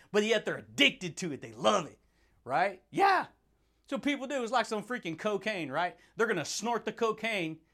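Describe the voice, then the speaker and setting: Man, high voice, hyped motivational podcast host, playful, laughs a lot. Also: sing-song, normal speed, bright, forceful tone. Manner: hyped, playful, laughs often, calls listeners buddy and dude.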